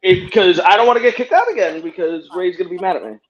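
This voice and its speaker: Wrestler guest, male, high animated voice, mock-boastful trash talk, slightly muffled lo-fi audio. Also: fast, slight background noise. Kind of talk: casual podcast chat.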